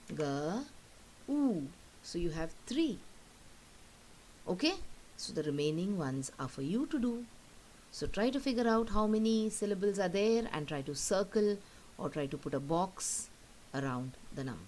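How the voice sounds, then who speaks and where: A woman's voice: mid-range voice, sing-song, a little slow, pauses often, a little mellow, slight background noise, poor audio. A woman teacher, patiently explaining a lesson and checking understanding with frequent questions. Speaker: English teacher. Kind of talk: recorded classroom lesson.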